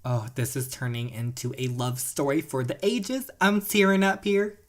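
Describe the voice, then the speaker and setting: A man reads a choose-your-story game aloud and reacts to it as he goes. He gushes playfully over the romance in an animated voice. The voice sits mid-range. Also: mid-range voice, moderate pace. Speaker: gaming youtuber.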